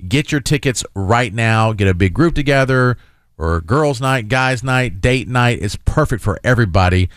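A male morning radio co-host on a dry, close studio mic, mid-pitched and easygoing. He slides between joking banter and brisk event plugs with an upbeat, salesy push. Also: animated, smooth, no room sound. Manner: upbeat, salesy promo delivery. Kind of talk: casual radio banter and promo.

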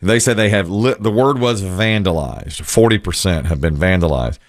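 A man's voice: sits low, normal speed, no room sound, clean studio sound. A middle-aged man hosting a casual talk show, chatty and rambling with wry asides. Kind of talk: casual radio-style chat.

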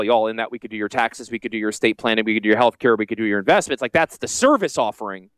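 A man with a Northern US Yankee accent, a financial advisor hosting a casual promotional podcast with salesy, jokey asides and a high-pitched voice. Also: sing-song, fast talker, a bit bright, clean tone, no room sound. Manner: self-described high-pitched voice. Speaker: financial advisor and radio host.

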